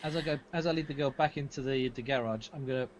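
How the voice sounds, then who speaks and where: A man playing a tabletop horror game, animated and sometimes shouting in character. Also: mid-range voice, fast, a little hiss or hum. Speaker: player.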